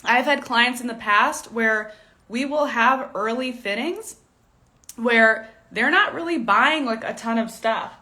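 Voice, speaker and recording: A woman's voice: fairly high pitch, takes it slowly, pushed and bright. A young woman, a fashion stylist, giving casual live coaching, chatty and candid, with a tickle in her throat that keeps making her cough. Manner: chatty and candid, with frequent laughs and "like" fillers. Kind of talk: casual livestream teaching.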